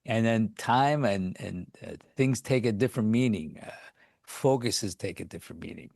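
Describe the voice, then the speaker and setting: A man with a fairly low voice hosts a podcast conversation. He talks in a halting way, repeating words and restarting phrases. The recording is dry, with no room sound. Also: gravelly, darkish tone, no room sound. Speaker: podcast host. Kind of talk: casual conversation.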